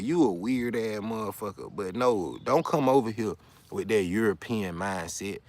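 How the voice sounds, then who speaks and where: Man, lowish voice, casual livestream, rambling, swearing, taunting chat.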